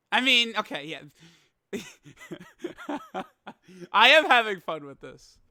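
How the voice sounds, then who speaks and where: A man's voice: high voice, sharp tone, smooth, no room sound, studio quality. A young man giving casual reaction commentary as a gaming YouTuber, exasperated and laughing, rambling with stammered restarts.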